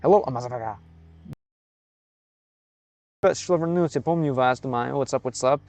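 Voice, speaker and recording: An American man streaming live in casual commentary, halting and repeating words as he slowly sounds out foreign phrases. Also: mid-range voice, darkish tone. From United States.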